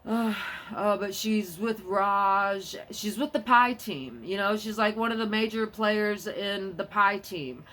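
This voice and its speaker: A young adult woman talking to camera in a rambling casual monologue, jumping between topics and quick to get heated. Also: medium pitch, a bit bright. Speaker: vlogger.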